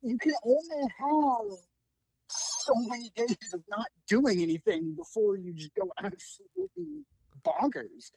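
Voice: mid-range voice, lively intonation, unhurried, a little mellow, breathy edge, poor audio. A podcast co-host chatting casually, laid-back and joking, and laughing often.

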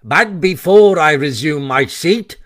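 A man doing a squeaky, pompous weasel chief. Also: expressive, slow pace, fairly bright tone. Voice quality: high, squeaky. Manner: pompous after-dinner speaker.

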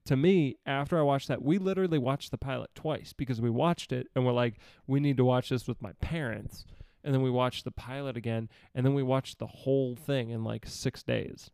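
A young man in relaxed podcast chat, rambling through his thoughts with a gravelly edge to his voice. His tone is smooth and resonant, recorded close and dry with no room sound. He swears now and then and likes to tease. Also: medium pitch, a little fast, hardly any pauses, no room sound. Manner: rambling, swears casually, teasing. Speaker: podcast co-host. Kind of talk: casual chat reviewing a TV show.

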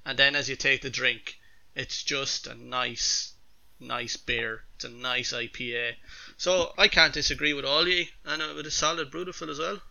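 A man's voice: mid-range voice, steady tone, normal speed, creaky, sharp tone, poor audio. A man co-hosting a podcast, thoughtful and hesitant, searching for words. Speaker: podcast co-host. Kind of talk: casual chat.

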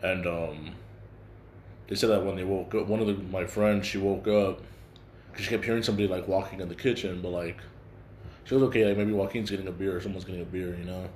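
A man's voice: low voice, fairly even intonation, quick pace, darkish tone, slight background noise. A young man hosting a casual chat, telling stories in a slangy, profane way full of fillers. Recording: echoey room.

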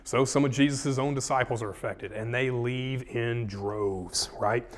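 A man's voice: medium pitch, unhurried, big-room sound. Folksy man teaching Bible study. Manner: folksy, paraphrases scripture in slangy speech.

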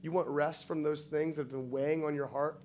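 A man's voice: on the high side, fairly even intonation, a little fast, a little mellow, slight background noise. A man preaching a sermon with passion, building to emphatic, repeated lines. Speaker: pastor.

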